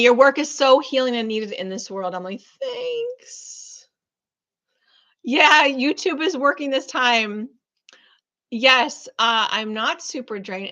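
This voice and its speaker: A woman hosting a live-stream reading alone in her room, chatting warmly and effusively with viewers, full of fillers. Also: fairly high pitch. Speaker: spiritual business coach hosting a live reading.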